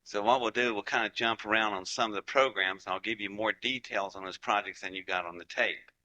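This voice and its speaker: A man's voice: on the low side, brisk, sharp tone. A man with a Southern US accent giving a folksy storytelling talk to a live audience, chatty and joking with the crowd. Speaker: speaker addressing a live audience.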